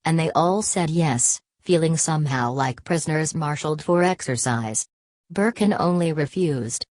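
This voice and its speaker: Audiobook narrator, woman, low deep register, dry close sound, measured delivery. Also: no echo. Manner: steady, measured reading with quoted dialogue. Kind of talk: scripted narration.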